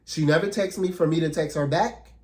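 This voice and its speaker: A man's voice: fairly high pitch, fairly quick. A man talking earnestly and reflectively in a casual, heartfelt conversation as a podcast co-host.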